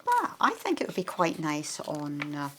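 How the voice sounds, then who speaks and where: Woman quilting expert, low voice, chatty and explanatory, shopping-channel demo. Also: huge pitch swings, normal speed, noisy background. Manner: explanatory, chatty, with frequent ums. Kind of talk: craft demonstration on shopping TV.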